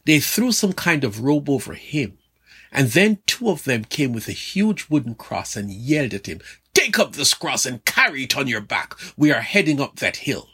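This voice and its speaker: A man's voice: a little high, fairly bright tone, husky. An older man, a pastor, telling a devotional sermon as a dramatic story for his daily podcast.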